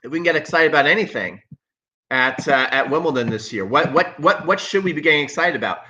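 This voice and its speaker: A male tennis coach hosts a casual live stream, sarcastic and emphatic, hammering his points home by repeating them. His voice sits a bit high and sounds bright and forceful. The recording is dull and lo-fi. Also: lively intonation, fast. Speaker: tennis coach and channel host.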